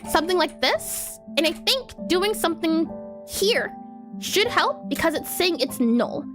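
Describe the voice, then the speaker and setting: A woman's voice: extremely high pitch, sing-song, measured pace, over music. A woman live-streaming her game coding, thinking aloud as she types, spelling words out and answering her chat in a casual, chatty way.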